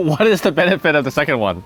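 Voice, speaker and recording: Man, casual host, answers questions, laughs a lot, animated pitch, faint music behind. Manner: laughs often, thinks aloud with restarts. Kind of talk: casual chat.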